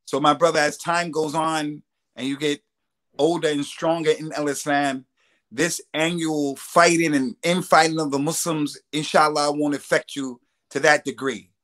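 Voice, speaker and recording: A man answering questions as a religious scholar on a live stream, explaining at length and reciting Arabic quotations quickly. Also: fairly high pitch, little pitch movement, a bit bright.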